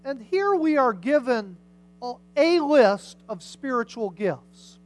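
A pastor preaching a sermon in a church service. The pastor talks casually, puts questions to the congregation, and reads scripture aloud, swinging between loud and soft. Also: medium pitch, very animated, slow pace, low-quality recording.

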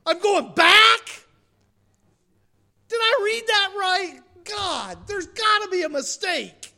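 A preacher acting out a joyful, disbelieving man in heaven who is shouting and laughing in a high voice. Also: lively intonation, takes it slowly, exaggerated voice. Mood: incredulous glee. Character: elated risen man in heaven, incredulous.

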